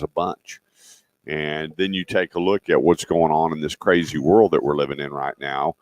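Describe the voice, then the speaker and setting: A man's voice: low voice, no echo. A middle-aged man hosting a live car radio show, telling folksy stories with lots of fillers. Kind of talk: live radio talk with dealership promos. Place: live remote broadcast at a dealership.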